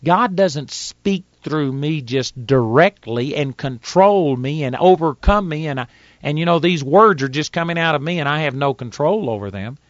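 This Texas-accented preacher's voice is a little high, with lively intonation and normal speed, as he reads scripture and teaches from the Bible in a folksy, down-to-earth sermon. The lo-fi recording has no room sound.

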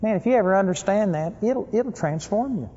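A man preaching a sermon, emphatic, swinging between loud stressed phrases and low asides. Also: expressive, brisk, breathy edge. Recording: lo-fi recording with long hall reverb.

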